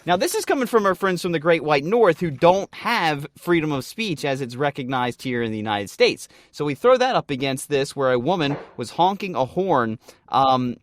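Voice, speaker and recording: Animated man reading stories, dry sound. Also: on the high side, normal speed, no room sound. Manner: animated storyteller, reads news with mock voices and swears. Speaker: podcast co-host. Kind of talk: casual comedic podcast chat.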